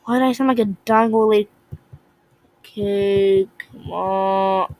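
A young woman giving casual commentary while playing a puzzle game, excitable, swinging from muttering to shouting at the game. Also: medium pitch, slow, dry recording, poor audio. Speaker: gaming video creator.

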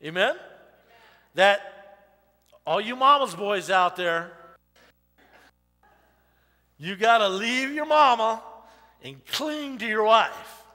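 High, bright-voiced pastor in an echoing church. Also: male voice, animated, slow pace, long pauses. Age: 50s. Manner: personal storytelling, many "you know" asides. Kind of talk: conversational sermon. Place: church sanctuary. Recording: long church hall reverb.

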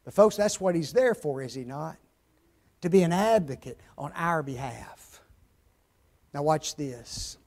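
High-voiced, slow-preaching man. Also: expressive. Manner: emphatic, asks the congregation rhetorical questions; swings between loud, rising emphasis and low, quiet drops. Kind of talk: sermon.

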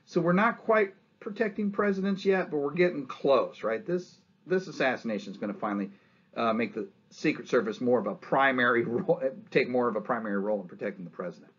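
A man's voice: medium pitch, animated, a little fast, husky, dull audio. A man giving a conversational college history lecture, often checking in with "right?" and acting out quotes in changed voices.

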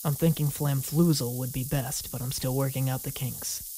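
Male reactor putting on a slow, deadpan robot boy, low and flat, repeating words he just learned. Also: husky, lightly acted. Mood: deadpan curious.

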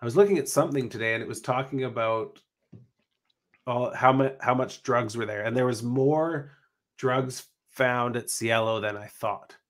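A man's voice: mid-range voice, steady tone, moderate pace, fairly bright tone. A man hosting a casual podcast panel discussion, rambling, swearing freely and trailing off mid-sentence. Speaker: podcast host.

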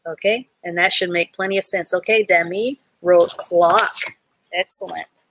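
A woman's voice: on the low side, steady tone, a little slow, fairly bright tone. A woman teaching an adult reading class live online, patiently sounding out letters and words and praising learners from the chat.

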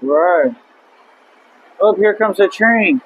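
A man filming on a handheld camera at an indoor museum exhibit, making slow, awed remarks in casual vlog chat. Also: high voice, husky, phone-quality sound.

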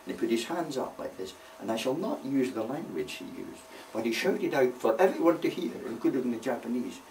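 A man's voice: medium pitch, animated, fairly quick, darkish tone, a little hiss or hum. An older man, a war veteran telling rambling anecdotes with many "you see" asides. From Scotland. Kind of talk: anecdotal storytelling. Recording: voice from far off the mic.

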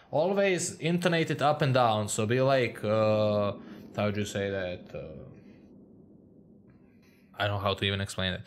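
A man's voice: mid-range voice, a little hiss or hum. Joking, foul-mouthed male game streamer. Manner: crude, joking, chatty, reads chat aloud. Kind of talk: casual live-stream commentary. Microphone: headset mic close to the mouth.

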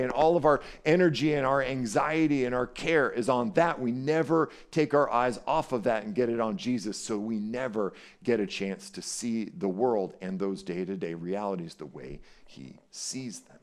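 A middle-aged man preaching a conversational sermon as pastor, playful and animated, often checking in with "right?" and acting out scripture quotes. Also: medium pitch. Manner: acts out scripture quotes dramatically.

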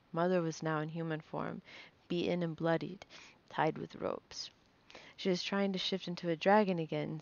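A woman reads a fantasy novel aloud in a low, gravelly voice, nervously stumbling and restarting words. The recording sounds dull and lo-fi. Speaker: reader.

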